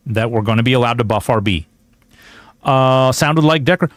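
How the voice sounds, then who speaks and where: A man's voice: medium pitch, brisk, dry recording. Rambling, jokey man playing a game. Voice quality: rambling and jokey, swings into mock outrage. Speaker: game streamer. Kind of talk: casual gameplay commentary.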